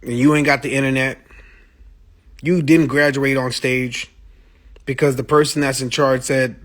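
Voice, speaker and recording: Speaking a little slowly and pausing often, a man with a medium-pitched, a-bit-bright voice and fairly even intonation streams live on his phone. He's a musician giving a casual monologue to fans, blunt, profane and passionate, answering comments as they come.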